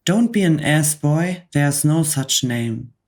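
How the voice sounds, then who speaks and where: A woman in a soft whispered role-play voicing a huge, furious female headmistress who barks scornful orders at children. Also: sits low, lively intonation, slow pace, full character voice. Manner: barking, scornful.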